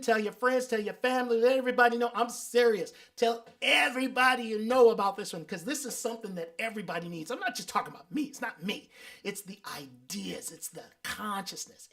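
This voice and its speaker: A man's voice: very high voice, a bit bright. A man hosting his weekly livestream, affirming viewers and reading their comments aloud. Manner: sings and hums playfully. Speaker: host and musician. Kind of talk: livestream sign-off chat.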